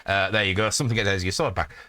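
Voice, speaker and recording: Streaming a video game live, this fortysomething from northeast England talks fast in a lowish voice with his regional accent, captured in a dry recording. His casual chat rambles, full of free swearing and loud, excited greetings.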